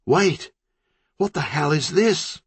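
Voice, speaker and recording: A man's voice: mid-range voice, lively intonation, unhurried, fairly bright tone, breathy edge, no echo, voice pushed up. A male audiobook narrator voicing a blunt, street-smart young woman who speaks in clipped, urgent commands. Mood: alarmed.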